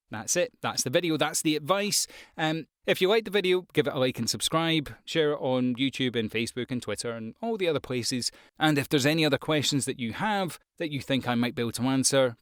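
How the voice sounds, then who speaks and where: Male voice-over pro, mid pitch, casual frank advice, dry close recording. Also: a bit bright, no echo. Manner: conversational, frank, with frequent ums and asides. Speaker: voice-over artist giving career tips. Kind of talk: casual advice talk to camera.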